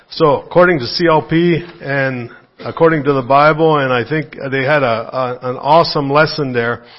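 Guy preaching at church, chatty and rambly, voice jumps up on the bible quotes, muffled recording. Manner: conversational, rambling, many fillers and restarts; lively pitch swings when quoting scripture. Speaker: lay preacher. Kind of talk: sermon.

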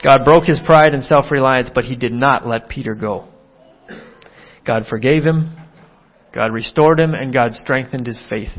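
An earnest male preacher delivering a sermon, his voice sitting in an ordinary middle register. He leans into quoted lines, raising his voice to act them out. The recording is somewhat dull and lo-fi. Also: unhurried. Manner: earnest, acts out quoted dialogue with rising pitch.

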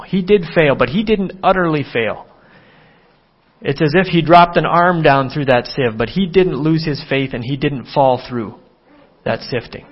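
A man's voice: a little slow, dull audio. A man preaching an earnest sermon, voicing quoted dialogue with a lifted, more urgent tone. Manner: earnest, acts out quoted dialogue with rising pitch.

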